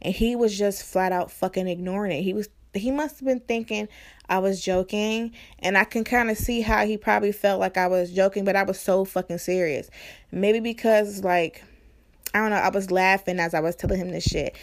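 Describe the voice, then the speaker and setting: A young woman vlogger telling a story in a casual, profane and animated way, with an exasperated edge. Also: mid-range voice, moderate pace.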